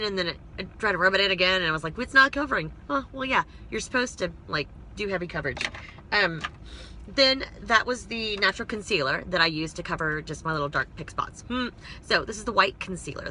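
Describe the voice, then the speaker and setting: A woman's voice: medium pitch, sharp tone, a little hiss or hum. A woman casually rambling through a makeup tutorial from inside a parked car, talking to her phone camera with self-deprecating asides. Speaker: vlogger doing a makeup tutorial.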